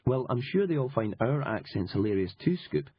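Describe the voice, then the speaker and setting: A man's voice: mid-range voice, very animated, husky. A man doing a blunt Scottish newswoman. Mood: sardonic. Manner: blunt, profane, quick. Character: Scottish woman journalist, sharp and sardonic. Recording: dull lo-fi audiobook recording.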